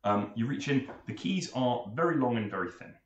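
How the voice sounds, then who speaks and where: A man narrating a tabletop game as game master, relaxed and laughing, with filler pauses. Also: mid-range voice, dull audio. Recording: echoey room.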